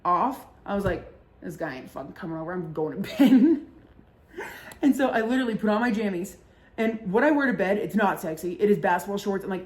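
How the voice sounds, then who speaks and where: A young woman spins a night-out story for her podcast. She is loose and chatty, swears freely and scatters "like" through every sentence. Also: medium pitch. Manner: chatty and profane, many filler likes. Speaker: podcast host. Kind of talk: casual storytelling chat.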